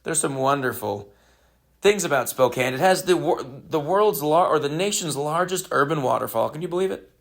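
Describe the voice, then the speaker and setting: A man hosting a comedy podcast, telling a rambling, deadpan story with crude jokes in a casual monologue. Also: a little high, normal speed, creaky.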